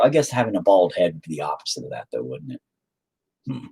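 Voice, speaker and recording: Husky, profane man chatting while painting. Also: extremely low pitch, sing-song, fast talker, a little mellow. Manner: profane, rambling, joking. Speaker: painting streamer. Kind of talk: casual chat while painting.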